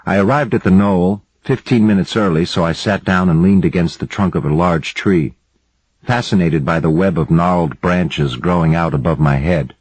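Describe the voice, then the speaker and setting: A man narrating an audiobook in the first person with steady, even storytelling. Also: low-pitched, moderate pace, husky, no room sound, poor audio.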